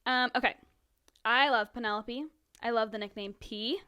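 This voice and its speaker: A woman's voice: on the high side, fairly even intonation, normal speed, bright, forceful tone, clean tone. Bubbly young woman with hiccups. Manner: bubbly, enthusiastic, laughing asides. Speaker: podcast co-host. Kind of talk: casual chat.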